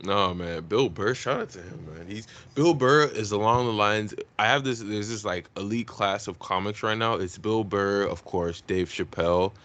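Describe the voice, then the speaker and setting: A man co-hosting a podcast in casual chat, full of slang and eager shout-outs. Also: lowish voice, moderate pace, few pauses. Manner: enthusiastic, gives shout-outs, uses slang. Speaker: podcast co-host.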